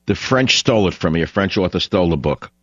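A man's voice: low-pitched, lively intonation, fast talker, a bit bright, slightly rough, no room sound, lo-fi sound. A man hosting a radio talk show, delivering a blunt, opinionated, rambling monologue.

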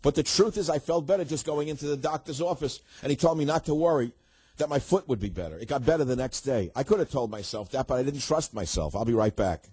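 A man's voice: medium pitch, lively intonation, quick pace, dark tone, breathy edge, dry recording. An older man hosting a talk radio show, ranting sarcastically in a monologue.

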